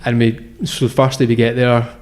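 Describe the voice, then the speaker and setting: A man's voice: mid-range voice, flat delivery, fairly quick, darkish tone. A man, a guest founder telling his story in a casual interview, rambling with lots of fillers and restarts. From Scotland. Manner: rambling, filler-heavy, self-correcting.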